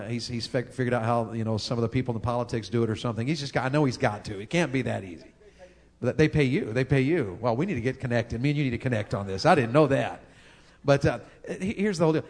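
A man preaches about marriage. He jokes and asks the crowd questions as he goes. His voice sits at a middling pitch. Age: 50s. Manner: folksy, joking, talks with the crowd. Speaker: pastor. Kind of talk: sermon on marriage.

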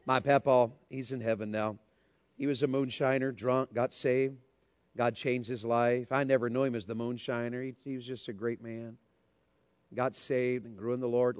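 A man's voice: medium pitch, no room sound. A man preaching a sermon, telling a folksy, joking story and addressing the crowd directly.

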